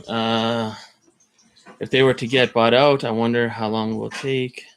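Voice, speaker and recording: A man's voice: mid-range voice, little pitch movement, unhurried, a little hiss or hum. A man rambling in casual live-stream chat, thinking aloud as he browses card listings. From Canada.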